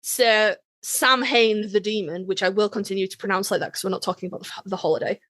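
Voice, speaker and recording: This podcast co-host, heard through online voice chat, has a medium-pitched, steady, slightly bright voice and talks fast. Chatting casually, she retells a TV episode, swears freely, and performs the characters' dialogue.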